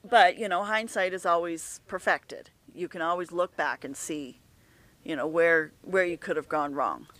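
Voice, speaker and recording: A middle-aged woman talking openly and earnestly in a candid conversation, often halting and restarting her sentences. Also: on the low side, fairly bright tone, dry recording.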